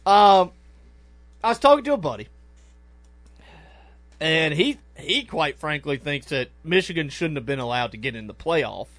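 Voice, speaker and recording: A man hosts a sports radio show in an upbeat, easygoing way and laughs easily. His voice sits high for a man. The studio sound is dry and close. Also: lively intonation, normal speed, long pauses, fairly bright tone, dry recording. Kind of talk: casual sports talk.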